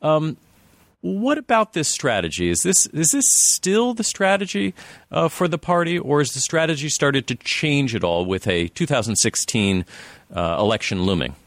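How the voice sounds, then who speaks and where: A man's voice: a little high, expressive, normal speed, no echo. A man hosting an interview, asking long, rambling questions. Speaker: interview host. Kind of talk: podcast interview.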